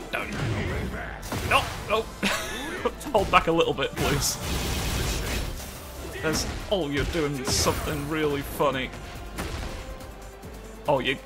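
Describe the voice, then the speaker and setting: A man riffing through a video game as a let's play host, his pitch bouncing in an animated way. He jokes, swears and laughs freely while game music plays behind him. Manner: excitable, joking, swears and laughs often. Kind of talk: casual gameplay commentary.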